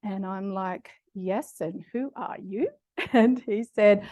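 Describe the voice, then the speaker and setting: A woman's voice: medium pitch, takes it slowly, warm tone, no echo, studio quality. A middle-aged Australian woman giving a public lecture, telling personal stories with a humorous, self-deprecating manner. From Australia (Queensland). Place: lecture hall.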